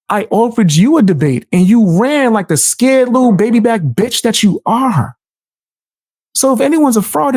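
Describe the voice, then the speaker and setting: Animated, profane, gravelly-voiced man. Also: high-pitched, no room sound, studio quality. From United States. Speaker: streamer reacting to a video. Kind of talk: live stream reaction commentary.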